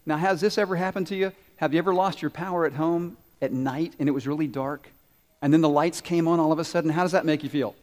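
A man preaching a lively children's sermon who asks the kids questions and answers them himself. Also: a little high, quick pace. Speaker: pastor. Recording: long reverb in a large hall.

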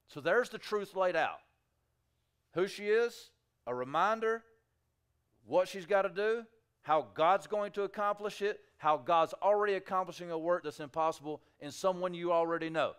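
Male pastor, slightly higher pitch, clear smooth voice; dynamic sermon delivery, shifts from hushed to loud. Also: normal speed. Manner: emphatic preaching with rising shouts and quiet drops. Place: church sanctuary.

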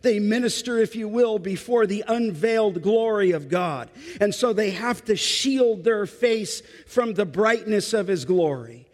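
Man preaching, high voice, emphatic repetition, long hall reverb. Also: measured pace, hardly any pauses, darkish tone. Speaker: pastor. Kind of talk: sermon.

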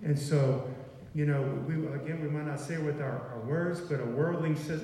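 Male preacher, mellow tone, folksy sermon delivery, distant mic in a roomy church. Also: fairly high pitch, fairly even intonation, fairly quick. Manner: conversational, folksy with fillers like "okay" and "y'all". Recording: far from mic in an echoey hall.

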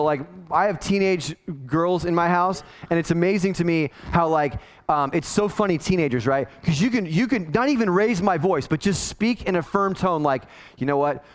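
A man in his forties, a pastor, preaching a conversational sermon that is full of restarts and acted-out quotes. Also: high-pitched.

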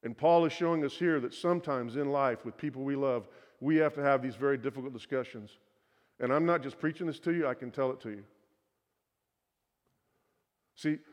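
A middle-aged pastor preaching a sermon, telling a personal story in an earnest voice that often drops to a quiet, confiding tone. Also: male voice, mid-range voice. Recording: long hall reverb.

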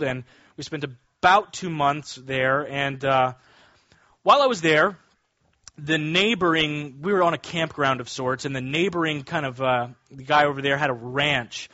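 A man preaching a morning sermon, telling a story and then building to emphatic, slow scripture readings. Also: a little high, bright, forceful tone, dry recording, dull audio. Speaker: pastor.

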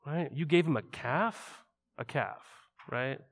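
A man's voice: on the high side, takes it slowly, vocal fry, long reverb tail. A man preaching a sermon in a conversational way, often asking his listeners rhetorical questions. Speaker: pastor.

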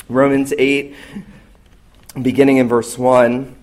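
A man in his thirties delivers a sermon as a pastor. His voice sits in a middle pitch, and he speaks earnestly and with emphasis. He often slows down to stress the words that matter. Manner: earnest, emphatic preaching with slow stressed phrases.

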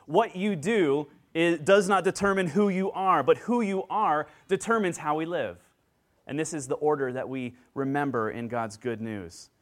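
Earnest man preaching a sermon. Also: fairly high pitch. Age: adult with children. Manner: earnest, excitable, acts out joyful quotes. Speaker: pastor. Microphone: handheld microphone.

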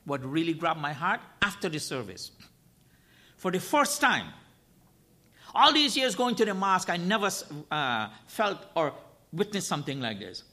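A visiting preacher, male, speaks in a high, bright and forceful voice, his pitch swinging widely at a moderate pace. He preaches with emphasis, repeating phrases to hammer points home and throwing rhetorical questions at the congregation.

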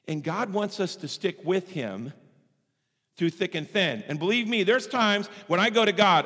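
A man pastor preaching a sermon with strong emphasis, swinging between loud and soft passages. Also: a little high, very animated, moderate pace. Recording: long hall reverb.

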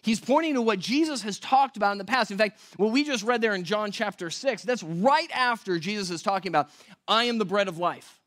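A man's voice: sits high, fairly quick, few pauses, a bit bright. A man preaching a sermon as pastor in a church, talking conversationally, asking rhetorical questions and correcting himself aloud.

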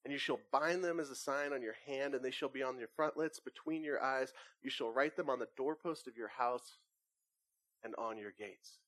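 A man, a pastor with young children, preaching a conversational sermon and telling lively family stories. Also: medium pitch, moderate pace. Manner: conversational preaching with animated anecdotes.

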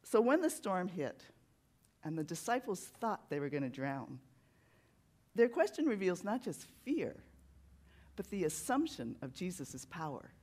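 A preacher speaks unhurriedly in a medium-pitched voice, delivering a storytelling sermon in a church sanctuary with a lively, conversational feel.

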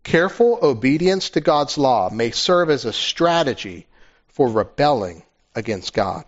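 A male pastor preaching a sermon in a conversational, animated storytelling manner. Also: medium pitch, a little slow. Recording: dull lo-fi recording.

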